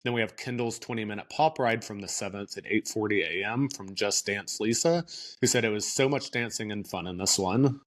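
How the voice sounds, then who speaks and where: Relaxed man co-hosting a podcast. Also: lowish voice, a little fast. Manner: easygoing, hedging with "I think". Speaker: podcast co-host. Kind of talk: casual news chat.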